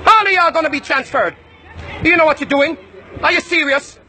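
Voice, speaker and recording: Shouting, high-pitched man. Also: brisk, long pauses, crowd noise, noisy background. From Jamaica. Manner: shouting, confrontational ranting.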